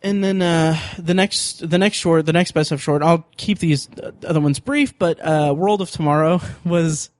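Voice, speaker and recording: A man with a slightly high voice hosts a podcast, rambling eagerly with lots of ums and self-corrections. The sound is close and dry, with no room in it. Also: normal speed, few pauses, dry recording. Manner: rambling, excitable, many fillers and restarts. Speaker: podcast host. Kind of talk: casual chat.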